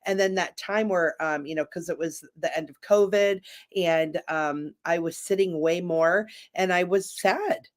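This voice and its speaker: A man's voice: sits high, unhurried. A man speaking as a guest in a candid, casual chat, rambling with frequent restarts.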